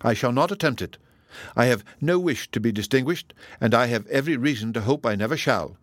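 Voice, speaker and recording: A quiet young gentleman with a dry, teasing wit, read by a man. The voice stays in a middle register, close and dry. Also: medium pitch, lively intonation, a little fast, no room sound, natural voice. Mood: wry. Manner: wry, gently mocking. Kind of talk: audiobook character reading.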